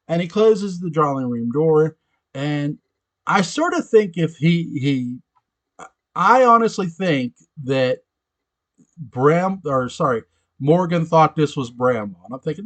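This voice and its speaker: A man's voice: fairly high pitch, animated, a little slow. A man giving a casual, chatty episode recap as a fan reviewer, laughing often and restarting his sentences with asides.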